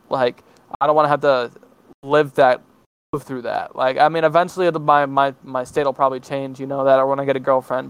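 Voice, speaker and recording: Hesitant nineteen-year-old guy, smooth voice. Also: mid-range voice, low-quality recording. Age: teens. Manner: hesitant, many fillers and restarts. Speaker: podcast guest. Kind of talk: casual chat.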